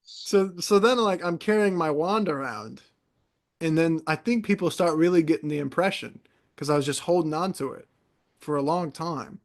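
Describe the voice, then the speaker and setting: A man in his twenties from New York, telling stories in casual podcast chat, animated and rambling, with many fillers and restarts. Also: on the high side, moderate pace. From New York, USA. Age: 20s. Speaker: podcast co-host.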